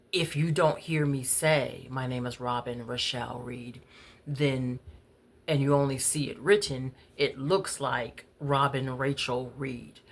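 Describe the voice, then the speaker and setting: A woman who is a writer and poet, telling candid personal stories in a casual, unhurried way with many fillers and laughs. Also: a bass voice, fairly bright tone. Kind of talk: casual storytelling vlog.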